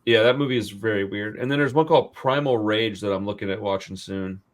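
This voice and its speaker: A man's voice: lowish voice, brisk. A man hosting a movie podcast, chatting casually, swearing and acting out quotes while he tells stories. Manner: animated storyteller, acts out quotes, swears freely. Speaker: podcast host. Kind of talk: casual chat.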